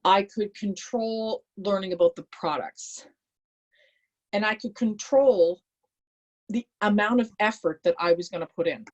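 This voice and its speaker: A woman from Canada giving a motivational talk, telling a personal story with animated delivery. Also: mid-range voice, measured pace, muffled recording. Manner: animated, acts out quoted voices. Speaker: motivational speaker.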